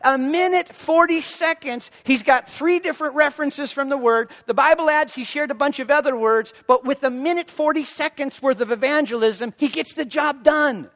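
A middle-aged man preaching a sermon as a pastor, telling stories with animated delivery and acting out the voices of the people he quotes. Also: extremely high pitch, normal speed, hardly any pauses. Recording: long reverb of a large hall.

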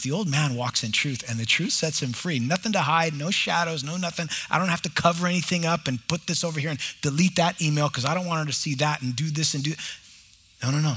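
A man's voice: on the high side, fairly bright tone, breathy edge. A middle-aged male pastor preaching a sermon in a church, acting out short bits of dialogue as he goes.

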